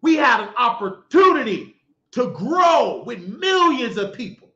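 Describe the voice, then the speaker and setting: A man hosting his own show, ranting in a preachy, scolding monologue with shouted outbursts. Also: very high-pitched, big pitch swings, measured pace. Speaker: show host. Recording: dull lo-fi sound in an echoey room.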